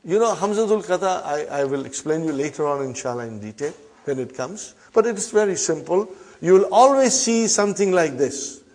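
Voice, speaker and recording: A man's voice: fairly high pitch, expressive, fairly quick, darkish tone. Man teaching a classroom lesson. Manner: drills phrases and often checks with a questioning "huh?". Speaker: Arabic language teacher.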